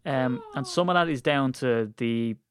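A man's voice: mid-range voice, a little slow, a little hiss or hum. Chatty Irish man from Wicklow. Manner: rambling, jokey and chatty. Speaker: podcast host. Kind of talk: casual podcast chat. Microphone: studio podcast mic.

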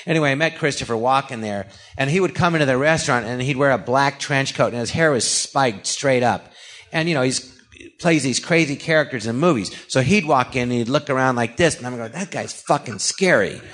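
Older male comedian telling animated stories. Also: mid-range voice. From California. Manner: animated storyteller, acts out anecdotes, halting restarts. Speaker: comedian guest. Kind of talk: casual storytelling interview.

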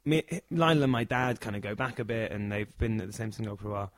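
A man telling a funny story in a casual chat, animated and acting out the people in it. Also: on the low side, rapid-fire, no room sound. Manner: animated, acts out the characters.

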